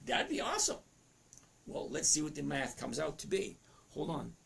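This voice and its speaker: This man in his fifties teaches trading live, reading viewer comments aloud in a chatty, self-interrupting way. His cracking voice is a little high, creaky, and a bit bright, with pitch that swoops wildly at a moderate pace. A faint hiss or hum sits under the recording.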